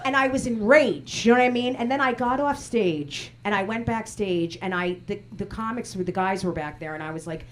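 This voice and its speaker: A woman's voice: medium pitch, moderate pace, hardly any pauses. A woman stand-up comedian telling stories in a wry, exasperated way on a club stage. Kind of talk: stand-up routine. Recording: live club with loud crowd laughter.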